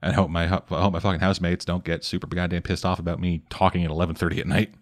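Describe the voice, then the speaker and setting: A man's voice: low voice, level tone. A man recapping a comic book in casual chat, swearing freely and rattling off the plot. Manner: profane, rambling recap with quick mock voices for characters. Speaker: podcast co-host recapping a comic. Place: home at night, speaking quietly for housemates.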